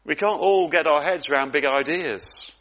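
A man's voice: fairly high pitch, moderate pace, fairly bright tone. A man preaching a sermon, earnest and reflective, often repeating words as he goes.

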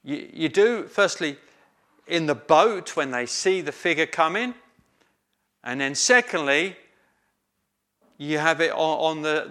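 A man preaching a sermon slowly and emphatically, with some hesitant fillers. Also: fairly high pitch, sharp tone.

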